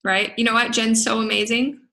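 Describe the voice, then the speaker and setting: A woman's voice: on the high side, flat delivery, brisk, vocal fry, sharp tone, low-quality recording. A middle-aged woman, a business coach, giving an emphatic motivational talk to a group, laughing often and asking "right?". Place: event venue in Las Vegas.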